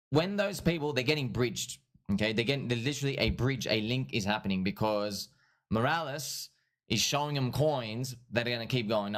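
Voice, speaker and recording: This is a livestream host chatting casually from his home setup in a mid-range voice. His commentary wanders, stays excitable and repetitive, and he keeps calling the audience friends and bro.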